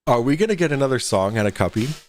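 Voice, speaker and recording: A man's voice: mid-range voice, animated, fast. A man hosting a casual livestream talk show, joking, swearing and laughing a lot.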